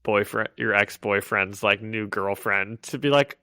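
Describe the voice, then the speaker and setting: A man's voice: on the low side, a little slow, hardly any pauses, clear, resonant tone, no echo, studio quality. A man co-hosting a podcast, recapping comic issues in casual chat and acting out the characters' lines. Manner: animated, acts out quoted lines in voices. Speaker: podcast co-host.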